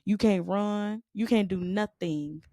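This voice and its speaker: Emphatic woman with a gravelly voice. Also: mid-range voice, takes it slowly, warm tone, no room sound, studio quality. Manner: emphatic, repeats "you know what I'm saying"; builds points through repetition and rhetorical questions. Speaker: podcast co-host. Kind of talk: faith-based conversational preaching.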